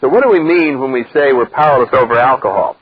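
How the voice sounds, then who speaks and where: An older man speaking to a live recovery group, blunt and wry, acting out the voices he quotes in a lively way. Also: mid-range voice, fast, slightly rough. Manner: animated storyteller who acts out quoted voices, wry and blunt. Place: meeting room with a live group. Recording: dull lo-fi 1990s cassette recording.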